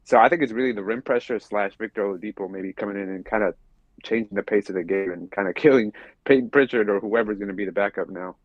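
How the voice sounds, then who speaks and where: Low-voiced man on a dull, dry mic. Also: fast, no room sound. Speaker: podcast co-host. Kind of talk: casual sports talk.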